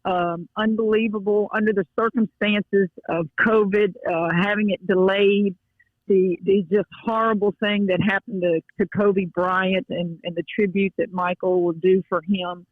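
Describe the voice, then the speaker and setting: A woman's voice: medium pitch, fairly even intonation, unhurried, dry recording. A middle-aged woman with a Louisiana accent, a basketball coach speaking as a guest by phone, heartfelt and folksy. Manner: heartfelt, folksy, with many restarts. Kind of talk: emotional phone interview. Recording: dull, dry phone line.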